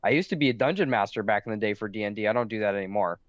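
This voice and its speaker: A man's voice: on the low side, rapid-fire, no echo, muffled recording. A man co-hosting a podcast in casual, rambling chat. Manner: rambling, lots of fillers. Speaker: podcast co-host.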